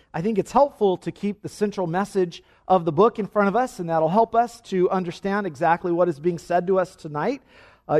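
A man reading a Bible passage aloud and then preaching on it in a measured, earnest way. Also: sits high, darkish tone. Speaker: pastor. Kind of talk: scripture reading and sermon.

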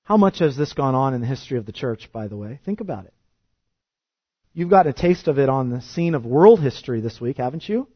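A man preaching a sermon with passion, firing rhetorical questions and swinging from quiet to loud. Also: medium pitch, animated, a little fast, slightly rough, no room sound, muffled recording. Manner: impassioned, rhetorical questions, wide swings of loudness. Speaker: pastor.

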